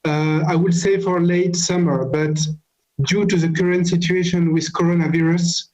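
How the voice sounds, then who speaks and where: A man from France with a French accent, a guest on a video call interview, answering hesitantly with many filler pauses. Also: high-pitched, steady tone, darkish tone, low-quality recording. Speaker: guest, car company manager.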